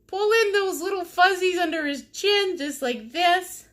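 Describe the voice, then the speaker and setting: A woman's voice: very high-pitched, animated, measured pace, fairly bright tone. A woman teaching a painting lesson on a live stream. She is silly and giggly, plays with made-up words, and answers viewers' comments as she paints. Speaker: painting instructor.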